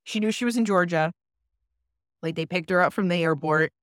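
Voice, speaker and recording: A woman with a low voice tells a ghost story in an animated, casual way and swears freely. The sound is dry and close. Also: brisk, dry recording. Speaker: podcast co-host. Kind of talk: casual chat.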